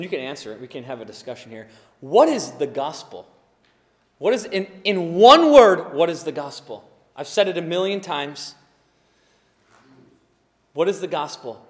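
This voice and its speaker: A man preaching a sermon, emphatic, swinging between quiet explanation and loud exclaiming. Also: a little high. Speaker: pastor. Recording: long hall reverb.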